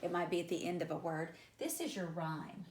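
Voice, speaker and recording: A woman's voice: lowish voice, brisk, a little hiss or hum. A woman English teacher giving a conversational lecture, repeating example words aloud and using casual fillers. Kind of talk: classroom lecture at a whiteboard. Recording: echoey room.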